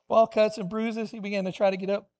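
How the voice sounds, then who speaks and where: A man, middle-aged, preaching a lively children's sermon, animated storytelling with playful voiced asides. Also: high voice, fast.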